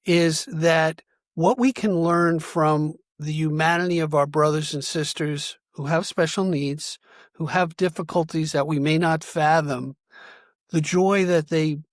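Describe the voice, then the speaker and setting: A man hosting an interview, asking questions in a thoughtful, halting way and often restarting his sentences. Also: a little high, fairly even intonation, no echo, studio quality. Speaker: interview host. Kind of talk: conversational interview.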